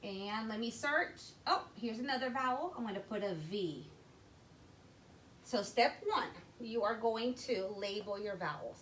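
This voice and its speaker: A woman teaching young children to read, walking through each step slowly and patiently. Her pitch swings widely as she speaks, and a faint hiss sits under her voice. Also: animated, a bit bright, poor audio. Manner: slow, step-by-step, addressing children. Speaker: literacy teacher. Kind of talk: classroom phonics lesson.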